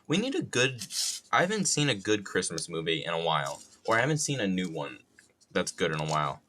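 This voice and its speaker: A man's voice: low-pitched, big pitch swings, fairly quick, sharp tone, slight background noise. A man from New York streaming live, rambling casually in a self-mocking, loosely profane way with a plain, neutral accent.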